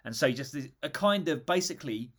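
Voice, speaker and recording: A man's voice: on the high side, lively intonation, fairly quick, fairly bright tone. An English man hosting a casual comedy podcast, telling a rambling, jokey story with lots of fillers. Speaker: podcast host.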